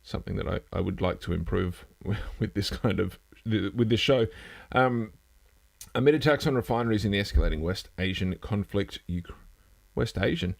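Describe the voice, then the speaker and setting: A man's voice: lowish voice, moderate pace, gravelly. A man hosting a casual live news stream from a home setup, rambling and self-deprecating, trailing off and restarting as he goes. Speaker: host.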